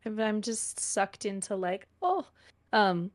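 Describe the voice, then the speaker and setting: A woman speaks slowly and with a playful hesitance, wandering through praise for her fellow players. Her voice sits at a middle pitch, and the recording is dry and close. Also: very animated, no room sound. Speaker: tabletop game player. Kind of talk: casual post-session chat.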